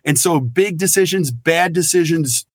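A middle-aged man, a business consultant guest on a podcast interview, talking in an energetic, emphatic and blunt way. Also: fairly high pitch, normal speed, breathy edge, dry recording, clean studio sound.

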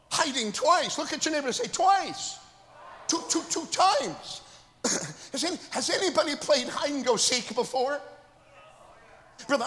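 A male pastor from Minnesota delivers a sermon in a strikingly high voice. His words ring out through a large church hall with a long tail of reverb. He pulls the congregation in with call-and-response, leaning on amen and brother, and moves between shouted peaks and relaxed storytelling. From Minnesota, USA. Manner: rises to shouted bursts, then drops to storytelling.

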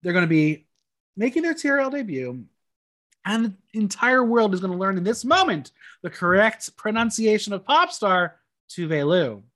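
Animated podcast host recapping an episode. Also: medium pitch, moderate pace. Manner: animated, playful recap narration. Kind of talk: recapping a TV episode, casual chat.

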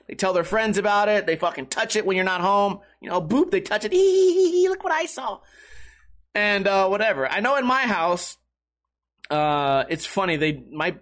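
Young male streamer, high voice, profane and rambling reaction commentary. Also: a bit bright. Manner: swears constantly, rambling with many restarts. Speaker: streamer reacting to news articles.

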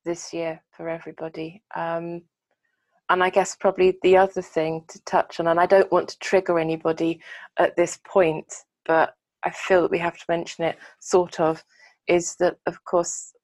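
A woman co-hosting a podcast, talking in an earnest, reflective and measured way over a video call. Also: lowish voice, level tone, darkish tone, dry recording. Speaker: podcast co-host. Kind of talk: casual chat.

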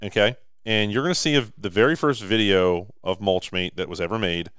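A man in his thirties co-hosting a podcast, telling stories with lively acted-out quotes. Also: lowish voice, brisk, smooth, dry recording, clean studio sound. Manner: animated storyteller, acts out quotes. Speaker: podcast co-host. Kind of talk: casual podcast chat.

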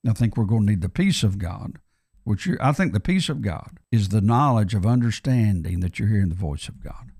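Gravelly, husky man preaching earnestly. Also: lowish voice, expressive, brisk, darkish tone, dry recording, studio quality. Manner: earnest, preacherly, repeats key phrases. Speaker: podcast co-host. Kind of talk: casual faith discussion.

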